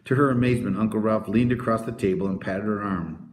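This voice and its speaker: A man reading a children's novel aloud as narrator, with expressive storytelling. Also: fairly low pitch, fast. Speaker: audiobook narrator. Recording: roomy echo.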